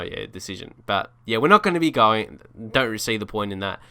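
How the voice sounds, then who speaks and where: A man's voice: lowish voice, animated, brisk, bright, forceful tone, clean tone, dry recording. A young man chatting casually over his football game, thinking aloud with restarts and small laughs. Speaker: gaming video creator. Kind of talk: casual let's-play commentary.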